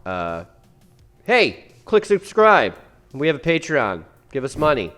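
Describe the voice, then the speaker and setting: Animated, blunt man reviewing movies. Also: mid-range voice, slow, faint music behind. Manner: blunt, swears freely, animated. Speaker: podcast co-host. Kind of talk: casual movie review chat.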